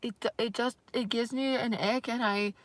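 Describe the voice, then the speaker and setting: A woman's voice: a little high, fairly even intonation, moderate pace, no room sound. Rambling, self-conscious woman vlogger. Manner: rambling, self-conscious, lots of fillers and swearing. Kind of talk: casual livestream talk.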